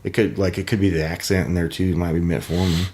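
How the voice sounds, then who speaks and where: A man's voice: deep voice, steady tone, fast, a little mellow, a little hiss or hum. A young man from Wisconsin, a podcast guest, chatting casually and laughing often. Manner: laid-back, laughs often. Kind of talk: casual chat.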